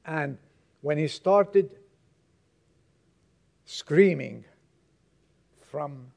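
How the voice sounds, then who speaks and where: A male pastor delivers a sermon at a slow, deliberate pace with a gravelly edge in his voice. He is pitched a little above most men and swings from hushed storytelling to loud calls to the church. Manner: preaching with dramatic storytelling, swings between loud exhortation and hushed tones.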